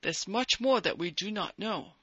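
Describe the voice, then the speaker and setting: A man's voice: high-pitched, animated, moderate pace, pushed and bright, slightly rough, dry recording, dull audio. A man preaching a sermon, pressing his listeners with rhetorical questions and quoted prayers.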